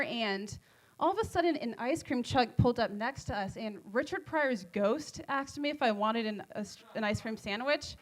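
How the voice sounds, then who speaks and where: A woman doing a stand-up set at an open mic on a comedy club stage, rambling and giggly, high on edibles, with self-deprecating jokes.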